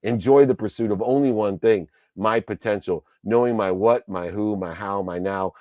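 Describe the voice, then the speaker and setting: A man's voice: fairly low pitch, normal speed, a little mellow, no room sound. A man giving a motivational speech, emphatic and preachy, stacking repeated lists and phrases. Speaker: motivational speaker.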